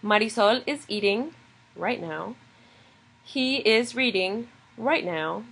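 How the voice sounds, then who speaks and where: A woman teaches a recorded video lesson. She explains each grammar point patiently and clearly, one step at a time, in a voice of ordinary pitch. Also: animated, takes it slowly, a bit bright, low-quality recording. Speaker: Spanish teacher.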